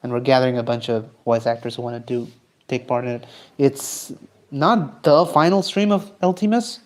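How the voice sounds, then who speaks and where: A man's voice: mid-range voice, normal speed, darkish tone. A man streaming live, chatting casually and rambling as he answers his chat while he draws. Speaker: streamer and artist.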